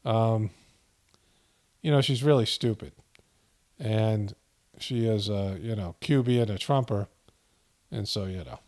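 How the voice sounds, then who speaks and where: A man's voice: lowish voice, a little slow, long pauses, darkish tone. Rambling, chuckling male commentary host. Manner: rambling, chuckling, many fillers. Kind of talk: casual video commentary.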